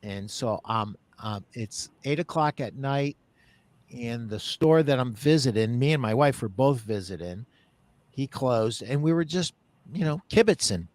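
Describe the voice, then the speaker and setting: A man hosting a podcast interview, telling stories in a casual, animated way and laughing easily. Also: medium pitch, unhurried, dry recording. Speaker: podcast host.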